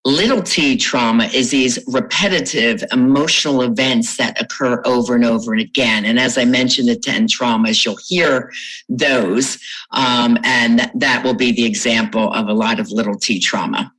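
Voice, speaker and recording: A woman's voice: very deep voice, moderate pace, fairly bright tone, slightly rough, poor audio. A middle-aged woman from Florida, a trauma recovery coach, answering interview questions in an explanatory way, telling client stories with light laughs.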